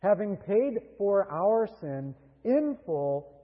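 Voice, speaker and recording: Slow, husky-voiced preaching man. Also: high voice, big pitch swings, big-room sound, narrow, tinny audio. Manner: slow, earnest preaching with dramatic pauses. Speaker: pastor. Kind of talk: sermon.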